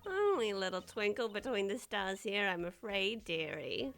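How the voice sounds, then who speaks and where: A woman's voice: mid-range voice, animated, moderate pace, a bit bright, faint music behind. A woman voicing a grouchy, chatty old woman security guard who scolds and gossips, reading game dialogue. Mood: gossipy. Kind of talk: video game voice-over reading.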